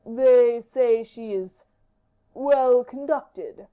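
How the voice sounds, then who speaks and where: Flattering count, measured and deferential, lowish voice, read by a woman, muffled recording. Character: smooth, flattering male courtier, count. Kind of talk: audiobook character reading. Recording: dull lo-fi audiobook recording.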